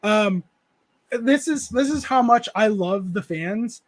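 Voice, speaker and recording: A man's voice: sits high, lively intonation, takes it slowly. A man hosting a casual livestream chat, reading viewer comments aloud and rambling through stories with frequent laughs and fillers. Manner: rambling storyteller, laughs often, many fillers. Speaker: show host reading chat.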